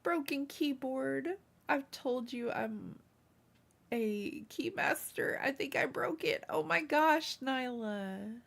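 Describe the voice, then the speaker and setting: A woman's voice: sits high, takes it slowly, vocal fry, a bit bright. A woman hosting a casual craft livestream, chatting with viewers and scolding her cat. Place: home room.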